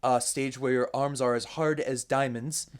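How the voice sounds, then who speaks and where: A man on a comedy podcast who laughs often and riffs deadpan absurdities. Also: medium pitch, normal speed, crowd noise. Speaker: podcast panelist. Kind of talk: casual comedic improv chat.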